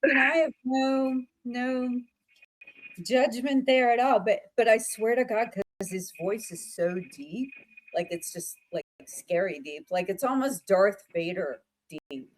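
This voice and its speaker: A woman's voice: fairly high pitch, a little slow. A woman hosting a psychic show in casual livestream chat, chatty and laughing, with many fillers.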